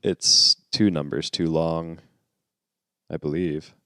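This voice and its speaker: A man from New York co-hosting a podcast in casual chat, telling absurd jokes deadpan. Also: very deep voice, slow, smooth, dry recording, studio quality. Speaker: podcast co-host.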